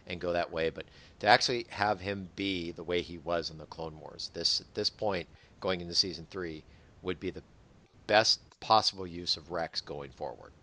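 A man's voice: deep voice, normal speed, pushed and bright. A man in a casual discussion who jumps in eagerly with his ideas.

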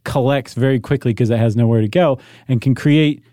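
Male podcast co-host, warm mellow tone, wry and deadpan, dry studio sound. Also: mid-range voice, brisk, no room sound. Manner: wry, teasing, deadpan asides. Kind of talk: casual podcast chat.

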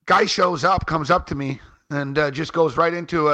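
A man tells a long story in a loose, casual way and keeps saying "like" and "man" as he goes. His voice is bright and forceful, and it sits a little high for a man. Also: moderate pace. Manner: animated, rambling, frequent "like" and "man". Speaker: fantasy sports radio co-host. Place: on a trip in Halifax.

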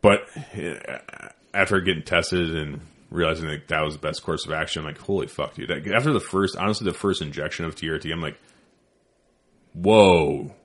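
A man with a very deep voice talks in a loose podcast chat. He is blunt and swears freely, and he pokes fun at himself. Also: fast talker, a bit bright. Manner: blunt, profane, self-deprecating. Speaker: podcast host. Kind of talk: casual chat.

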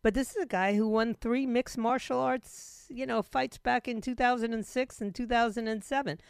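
A woman's voice: a little high, normal speed, creaky, smooth, no echo, studio quality. Chatty woman talk radio host. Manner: animated, laughing asides, chatty retelling. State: scratchy throat.

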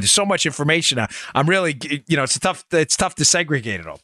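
A man's voice: medium pitch, very animated, quick pace, few pauses, sharp tone, no echo. A middle-aged man hosting a podcast, delivering heated political commentary in a combative, ranting way full of punchy rhetorical questions. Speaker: podcast host.

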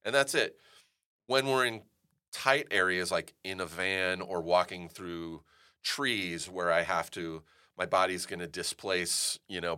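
A man's voice: deep voice, bright, forceful tone. A man being interviewed as an actor, telling stories animatedly and swearing freely. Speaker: actor guest. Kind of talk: casual interview storytelling.

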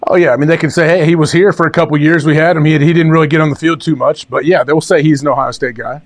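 A man's voice: on the high side, steady tone, rapid-fire, dry recording. A man speaking as a guest analyst on a sports talk show, offhand and easygoing. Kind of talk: casual sports chat.

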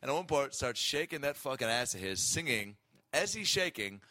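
A man's voice: medium pitch, sing-song, normal speed, sharp tone, dry recording. A man co-hosting a comedy podcast, telling a crude travel story with laughs and swearing.

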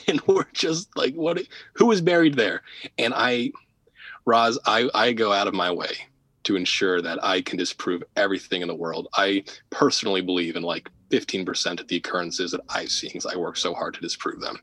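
A man guest on a podcast telling a story in casual, animated talk, often laughing, repeating words and dropping to a hush at tense moments. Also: sits low, moderate pace, no room sound, low-quality recording. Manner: drops to a hushed voice for tense moments. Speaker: podcast guest, paranormal investigator.

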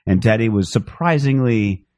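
A man's voice: moderate pace, no echo, clean studio sound. A man chatting casually as a podcast co-host, telling stories animatedly and swearing freely. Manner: animated storyteller, acts out quotes in high voices; swears freely, many fillers. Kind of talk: casual chat.

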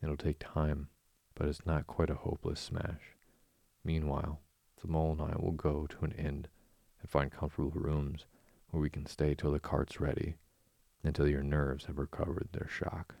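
A man's voice: rumbling low, level tone, moderate pace, vocal fry, dry recording, heavily acted. A man voicing a sensible, exasperated male water rat who speaks firmly and sharply. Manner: firm and sharp.

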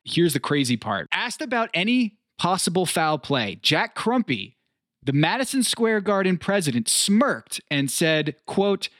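A man's voice: high-pitched, sing-song, unhurried, fairly bright tone, no echo, clean studio sound. A man co-hosting a podcast, reading news clippings aloud with playful asides. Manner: playful, reads quotes aloud. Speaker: podcast co-host.

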